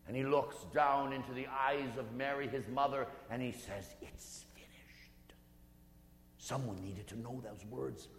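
A man preaching a guided meditation sermon, telling the scene vividly, swelling to intensity and sinking to hushed whispers. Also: medium pitch, steady tone, moderate pace, hardly any pauses. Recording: echoey hall with faint hum.

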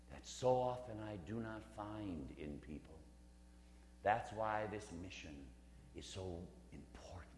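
A Catholic priest in his fifties giving a conversational, humorous storytelling sermon, dropping to a hush for emphasis. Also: on the low side, a little hiss or hum. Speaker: Catholic priest leading a parish mission. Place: church. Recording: roomy church with long reverb.

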